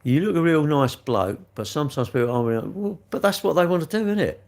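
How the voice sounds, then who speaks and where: A man's voice: fairly high pitch, lively intonation, a little fast, a little mellow. A man rambling and joking as he answers chat comments on a live stream. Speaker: livestreamer reading chat.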